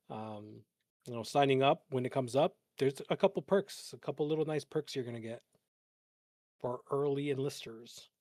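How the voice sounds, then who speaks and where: A man's voice: mid-range voice, mellow, no room sound, studio quality. A man co-hosting a live trading stream, chatting casually, joking and laughing between rambling asides. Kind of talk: casual livestream banter.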